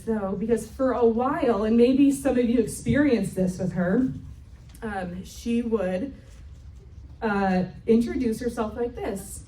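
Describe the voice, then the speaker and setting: Laughing thirtysomething woman telling family stories at a church retreat, kinda high voice, echoey hall, mic a bit far off. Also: a little mellow, slight background noise. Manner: chatty, laughing, self-mocking. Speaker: retreat speaker.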